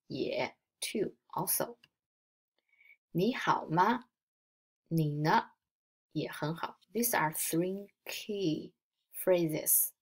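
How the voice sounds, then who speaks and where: A young woman with a Mandarin accent, a native Mandarin speaker, walks beginners through a recorded language lesson. She talks slowly and explains step by step, modelling each tone aloud. Her low voice has a gravelly edge. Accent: Mandarin Chinese. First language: Mandarin Chinese. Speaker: Mandarin teacher.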